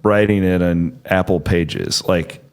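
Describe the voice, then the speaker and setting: A middle-aged man hosts a relaxed podcast conversation, his voice sitting on the low side. He tells long stories loosely, restarting sentences and padding them with fillers. His delivery stays casual and conversational throughout. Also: slow, clean tone. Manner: rambling, filler-heavy, self-interrupting. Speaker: podcast host. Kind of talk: casual chat and storytelling.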